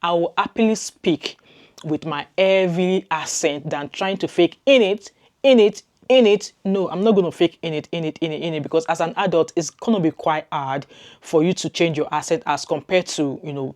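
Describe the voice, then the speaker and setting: A woman's voice: low voice, moderate pace, darkish tone. A middle-aged woman from Nigeria with a heavy Nigerian accent, talking casually to her camera in a chatty, reassuring way and repeating points for emphasis. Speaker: vlogger.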